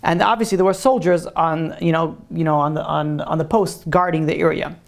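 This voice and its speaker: A male rabbi with a fairly high, steady voice and some vocal fry speaks briskly. Leading a religious class and answering students' questions, he talks casually as an informal, conversational storyteller, easing into a parable before drawing out its lesson.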